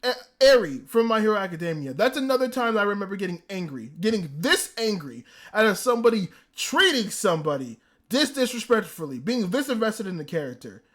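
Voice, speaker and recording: A man reviewing anime in a casual, excitable rant, swearing freely. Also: high-pitched, fairly quick, hardly any pauses. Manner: excitable, profane ranting. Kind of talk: casual commentary. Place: indoors, a room.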